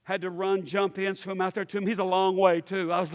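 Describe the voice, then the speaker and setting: A man's voice: high-pitched, fairly even intonation, fast talker, few pauses, a bit bright. A male pastor teaching a church class, telling stories and acting out the voices in them, with many restarts and fillers. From Pittsburgh area. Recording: long hall reverb.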